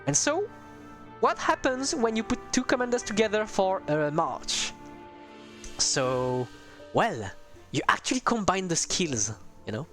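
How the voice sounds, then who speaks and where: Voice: medium pitch, big pitch swings, measured pace, a bit bright, faint music behind. A streamer giving casual, rambling commentary on a strategy game, talking to viewers with many hesitations.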